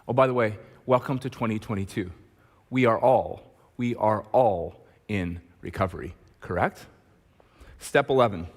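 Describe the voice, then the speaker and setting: A man's voice: on the low side, moderate pace. Conversational pastor, man, in a reverberant hall. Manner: conversational, asks the audience rhetorical questions. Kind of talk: sermon. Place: church auditorium.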